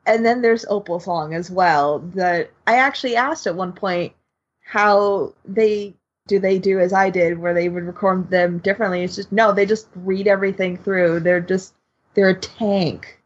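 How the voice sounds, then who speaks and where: Woman co-host, husky voice, lo-fi sound, chatty and self-deprecating. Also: medium pitch, fairly even intonation, normal speed. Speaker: podcast co-host. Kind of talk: casual podcast chat.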